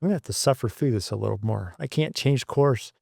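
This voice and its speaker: A man's voice: mid-range voice, fast talker, creaky, no echo, studio quality. A middle-aged man from Michigan, a podcast guest and former engineer, telling stories in an interview and acting out the people he quotes. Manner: animated storyteller, acts out quoted voices. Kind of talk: storytelling interview.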